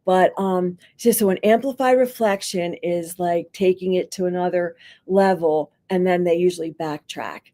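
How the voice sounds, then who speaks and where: Middle-aged woman, school psychologist, warm mellow tone, lively storytelling, acts out quotes. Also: on the low side, moderate pace, hardly any pauses. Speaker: school psychologist and podcast guest. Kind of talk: conversational explanation with anecdotes.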